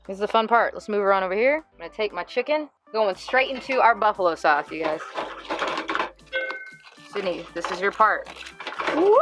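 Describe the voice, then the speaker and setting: A woman's voice: mid-range voice, moderate pace. A woman hosting a cooking vlog from a small camper van kitchen, talking to viewers in a playful, exclamatory way. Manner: excitable, playful, exclamatory, addresses viewers directly. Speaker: cooking vlogger. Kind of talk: casual cooking demonstration.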